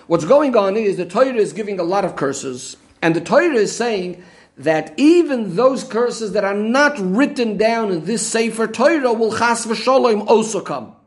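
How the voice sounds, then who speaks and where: Brief: male Torah teacher, high voice, methodical explainer. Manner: methodical, restates points with Hebrew terms. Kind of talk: explaining a Rashi commentary.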